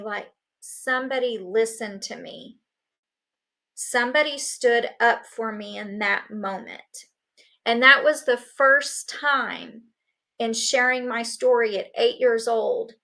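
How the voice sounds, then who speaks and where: A middle-aged woman tells her own story at a summit, earnest and steady. Her voice sits a little high and rings bright. She slips into the voices of the people she quotes. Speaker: summit speaker. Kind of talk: personal testimony talk.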